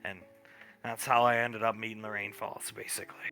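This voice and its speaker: A man's voice: on the low side, level tone, brisk, vocal fry, sharp tone, soft background music. A man chatting in character during a tabletop role-play, telling a story with laughs and narrating his own actions.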